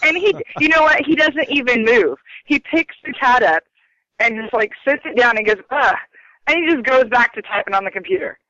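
A man in casual chat, animated and acting out quoted lines. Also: very high-pitched, fairly quick, no echo. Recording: dull lo-fi sound.

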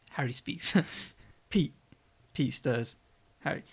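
A young man reads his own comedy screenplay aloud, hesitant and low, filling gaps with uhs. His voice has a bright, crisp edge. Later he chats casually about the script with a friend. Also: steady tone, brisk. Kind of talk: reading a script aloud, then casual chat.

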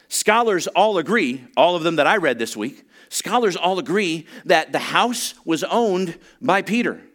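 A man preaching a sermon, telling a story with humor and acting out the voices of the people in it. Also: sits high. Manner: animated storytelling, acts out voices, humorous asides. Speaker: pastor.

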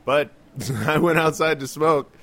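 A man's voice: a little high, steady tone, unhurried, fairly bright tone. A man chatting casually on a podcast as a comedian, telling profane club stories and mimicking people. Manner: profane, loose storytelling with mimicked voices.

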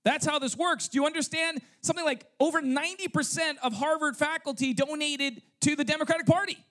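A very high-pitched pastor, his voice pushed and bright, preaches a little fast during a church service. He keeps checking in with "okay?" and "right?" while throwing rhetorical questions at the congregation.

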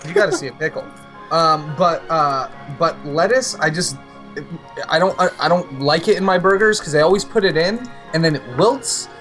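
A man on a podcast speaks in a fairly high voice, rambling and repeating his words as he goes. His tone stays casual and chatty throughout. Faint music plays in the background. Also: moderate pace, fairly bright tone. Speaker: podcast co-host.

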